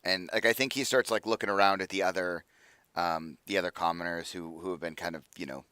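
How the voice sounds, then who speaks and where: A man's voice: deep voice, fairly even intonation, brisk, sharp tone, smooth, no echo. A man narrating as game master for a tabletop game, casual and full of fillers.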